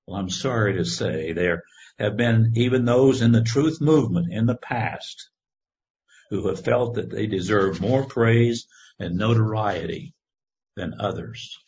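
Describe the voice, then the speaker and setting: A man preaching a sermon, reading scripture in a slow, measured way. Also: fairly low pitch, darkish tone. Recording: dull lo-fi recording.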